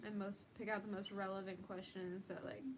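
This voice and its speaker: A woman's voice: medium pitch, level tone, fairly quick, a little hiss or hum. A woman co-hosting a live stream, chatting casually and giggling as she answers viewer questions. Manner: chatty, giggly, uses many likes.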